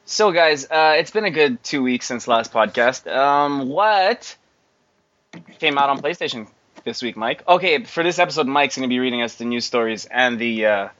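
A man's voice: medium pitch, normal speed, fairly bright tone, highs cut off. A man hosting a casual gaming podcast, joking and swearing with his co-hosts and laughing often. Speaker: podcast host.

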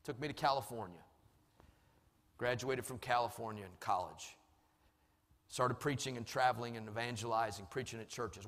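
A man preaching a sermon, telling a personal story and moving between quiet and loud passages. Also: lowish voice. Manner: storytelling, swings from soft to loud. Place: large church hall. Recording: long hall reverb.

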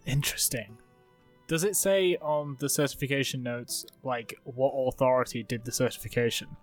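A man playing a tabletop game, asking questions in a slow, deliberate way. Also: medium pitch, fairly even intonation, faint music behind. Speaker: player.

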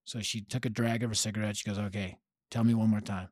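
A fairly low-pitched man speaks fast in a dry recording, a youth ministry leader from Denver, United States, guesting on a podcast. He tells his life story with punchy energy, acting out the voices of people he quotes in an animated storytelling interview.

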